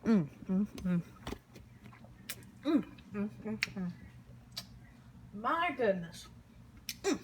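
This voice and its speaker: A woman's voice: medium pitch, very animated, very slow, long pauses, background noise. A woman hosting a casual cooking vlog, tasting her dish on camera with lots of savoring hums and exclamations, talking straight to the viewers. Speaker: cooking channel host.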